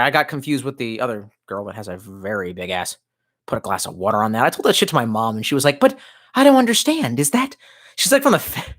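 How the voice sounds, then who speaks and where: A man's voice: a little high, bright, forceful tone. Profane, rambling man with a swooping voice. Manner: profane, rambling, tipsy with vodka. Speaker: streamer reading live chat. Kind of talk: casual rambling livestream chat.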